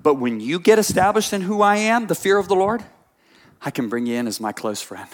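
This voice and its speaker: A man preaching a sermon as pastor, telling stories in an animated way that swings between quiet asides and emphatic points. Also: high voice, brisk.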